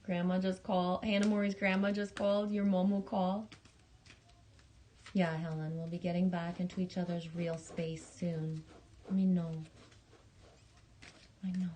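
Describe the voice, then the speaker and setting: A woman hosting a casual livestream, reading viewer messages in a halting, rambling way, with many restarts and some swearing and affection for her viewers. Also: lowish voice, level tone, warm tone, a little hiss or hum. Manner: affectionate, talking straight to viewers. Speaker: livestream host.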